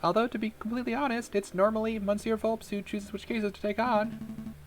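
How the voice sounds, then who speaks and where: A man voicing a jittery little mouse assistant in a game, in a squeaky, stammering voice. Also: little pitch movement, brisk, slight background noise, lightly acted. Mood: flustered.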